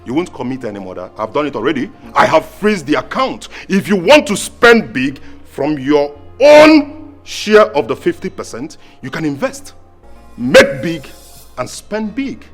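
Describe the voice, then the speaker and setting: An actor with a Nigerian accent playing a stubborn, domineering crown prince who speaks forcefully and often shouts. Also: male voice, a little high, big pitch swings, a little slow, faint music behind. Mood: stern. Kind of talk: film acting.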